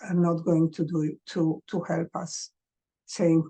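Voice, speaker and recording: A woman coaching parents in a gentle, earnest advice talk, speaking English as a second language. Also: deep voice, little pitch movement, unhurried, breathy edge.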